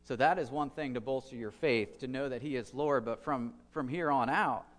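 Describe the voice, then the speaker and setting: A man's voice: medium pitch, normal speed, a bit bright, long reverb tail. A man preaching a sermon as a pastor, conversational and thinking aloud, with fillers and restarts.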